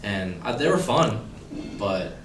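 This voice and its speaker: Low-voiced laid-back young man. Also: sing-song, slow, fairly bright tone, slight background noise. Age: young adult. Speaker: podcast guest. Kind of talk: casual chat.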